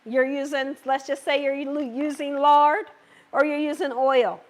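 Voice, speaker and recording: A woman's high voice, roughened to a hoarse scratch, leads a live cooking demonstration from her home kitchen. She is chatty and reassuring and keeps checking in with viewers as she works. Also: level tone, unhurried. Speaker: cooking channel host.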